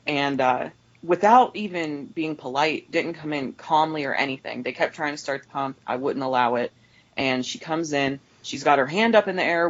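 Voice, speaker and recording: A woman, an overnight gas station clerk, telling a rambling, exasperated story about a customer as a podcast guest. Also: dull audio. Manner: exasperated, rambling with many restarts; raises pitch sharply when mimicking customers. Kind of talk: casual storytelling rant.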